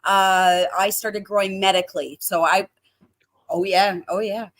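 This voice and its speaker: A woman's voice: mid-range voice, steady tone, measured pace, a bit bright. A middle-aged woman from Canada, a home grower chatting as a guest, giggling often and telling stories. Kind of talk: casual chat.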